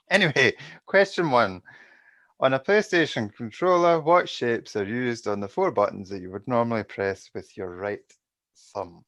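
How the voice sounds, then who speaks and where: A man's voice: medium pitch, unhurried, fairly bright tone. A man co-hosting a casual gaming podcast, chatty and rambling, and often breaking into laughter. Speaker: podcast co-host. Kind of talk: casual chat.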